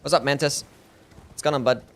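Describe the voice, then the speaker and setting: A man's voice: mid-range voice, a little fast, slight background noise. Laid-back Australian man streaming games. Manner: relaxed, mumbly, answers chat questions, trails off with "I don't know". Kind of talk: casual gaming stream chat.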